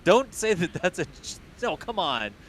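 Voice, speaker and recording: A man co-hosting a launch livestream in casual, joking chat, his voice worn hoarse. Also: high-pitched, sing-song, unhurried. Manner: joking, laughs often. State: losing his voice. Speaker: livestream co-host.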